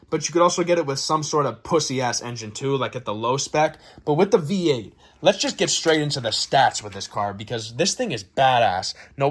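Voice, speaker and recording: Profane, excitable young man vlogging. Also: mid-range voice. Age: 20s. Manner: profane, excitable, rambling enthusiasm. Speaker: car channel host. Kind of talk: casual car review vlog.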